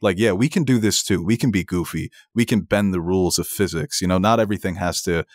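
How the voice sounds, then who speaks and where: A man's voice: sits low, fast, no room sound, studio quality. A man co-hosting a podcast, chatting casually and enthusiastically about films, often laughing and swearing. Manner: enthusiastic, laughs while talking. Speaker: podcast co-host. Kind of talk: casual film discussion.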